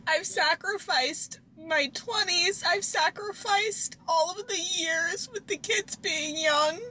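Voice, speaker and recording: Bright high-voiced woman, tearful. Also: a little hiss or hum, rough recording. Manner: halting, frustrated, many restarts. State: upset, crying. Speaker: vlogger. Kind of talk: emotional personal vlog.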